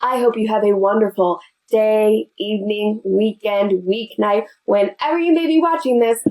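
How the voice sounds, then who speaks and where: A woman's voice: medium pitch, moderate pace, darkish tone, low-quality recording. A woman hosting a casual knitting tutorial, chatty and friendly, speaking straight to her viewers. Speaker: knitting video host.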